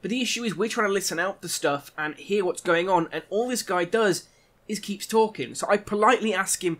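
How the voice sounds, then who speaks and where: A man's voice: sits high, a little fast, a bit bright. A man with an Irish accent ranting indignantly as he comments over gameplay footage. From Ireland. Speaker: gaming YouTuber.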